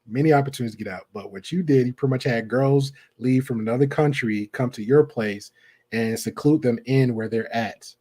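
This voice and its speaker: A man's voice: medium pitch, fairly quick, mellow. A man hosting a podcast, reacting to a clip with casual, blunt commentary and repeating his points for emphasis.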